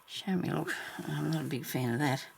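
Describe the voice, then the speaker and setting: A woman with a strongly gravelly, fry-laden voice narrates her stitching in a relaxed, rambling way, half to herself and half to the viewer. She drifts off mid-sentence and sometimes drops to a hushed whisper. A faint hiss sits behind her. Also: sits low, normal speed. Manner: chatty, talks to herself, trails off mid-sentence; drops to soft whispers at times. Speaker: sewing vlogger. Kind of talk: casual thinking aloud while stitching.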